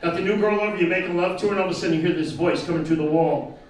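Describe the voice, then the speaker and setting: A stand-up comedian with a high voice talks very fast through a crude, brash set, teasing people in the crowd at a live event. Audience chatter and laughter come through an echoey, distant microphone.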